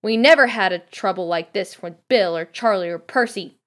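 A woman voicing a frantic, scolding middle-aged mother witch who yells at her sons. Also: normal speed, lightly acted. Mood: furious scolding. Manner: shrill, yelling, scolding.

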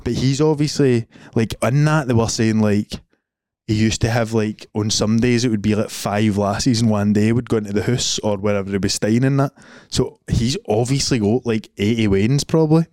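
A man's voice: on the low side, normal speed, darkish tone, no room sound, studio quality. A young Scottish man co-hosting a podcast, chatting casually and rambling with lots of swearing and fillers. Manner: rambling, swearing, laughing a lot, filler-heavy. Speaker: podcast co-host. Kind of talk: casual chat.

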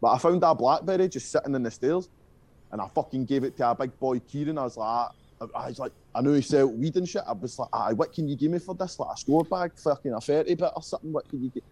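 A young Scottish guest musician tells stories from his school days in a casual interview, rambling, swearing and using plenty of fillers. He talks fast in a mid-range voice that is a little mellow.

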